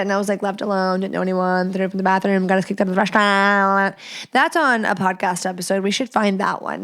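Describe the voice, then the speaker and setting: A young adult woman hosting a candid solo podcast, frank and playful, with whispered asides and sudden high squeals. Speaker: podcast host.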